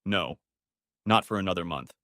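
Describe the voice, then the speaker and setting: A man's voice: deep voice, animated, moderate pace, a bit bright, no echo, voice pushed down. Figure: stern middle-aged mother, voiced by a man. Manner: curt, disapproving. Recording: dry.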